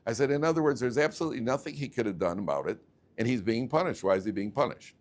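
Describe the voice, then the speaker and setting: A man, a rabbi teaching a class, telling stories with lively, repetitive delivery and acting out both sides of arguments. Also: lowish voice, quick pace. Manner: animated, repeats words, acts out both sides of arguments. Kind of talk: lively storytelling lecture.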